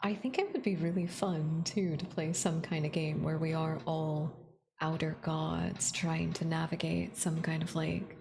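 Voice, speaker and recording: A young woman streamer chatting casually with her viewers, often dropping into a soft breathy whisper close to the mic. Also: low-pitched, measured pace. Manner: chatty, bubbly, thanks chat, excitable gasps.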